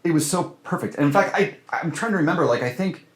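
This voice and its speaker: This film director talks fast in a slightly high voice during a casual interview. Animated, he piles on fillers and restarts, and the recording has a roomy echo.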